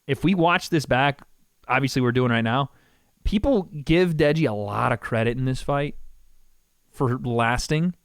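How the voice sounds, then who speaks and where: Man, podcast co-host, casual fight breakdown, animated, mid pitch, dry sound. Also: measured pace, clean tone, no echo. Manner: animated, calls out punches with sound effects.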